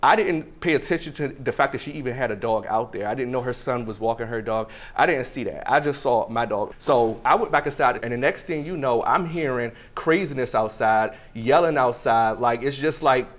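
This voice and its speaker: A man's voice: mid-range voice, moderate pace, hardly any pauses. A young man, a defendant on a TV court show, defending himself in casual speech. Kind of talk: testimony in a TV courtroom.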